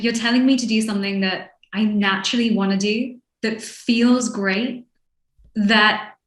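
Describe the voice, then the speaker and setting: A woman from London with an English accent, a sleep expert guest who talks in an animated way and acts out people's reactions. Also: on the high side, roomy sound. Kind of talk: lively interview chat.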